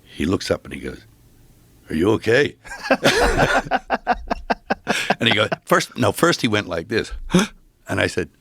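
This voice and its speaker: Gravelly deep-voiced man telling stories. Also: wildly swooping pitch, normal speed, a bit bright. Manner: laid-back, fidgety, laughing storyteller. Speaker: interview guest. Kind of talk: relaxed storytelling. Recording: clips from interviews.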